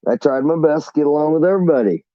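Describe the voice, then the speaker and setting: A man's voice: fairly high pitch, expressive, rapid-fire, dry recording, highs cut off. A man casually telling rambling, profane stories about his navy days on a live chat.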